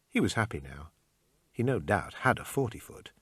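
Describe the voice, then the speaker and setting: A man's voice: lowish voice, big pitch swings, moderate pace, a bit bright, breathy edge, no room sound. A man narrating a first-person thriller audiobook in a dry, matter-of-fact manner, close to the mic.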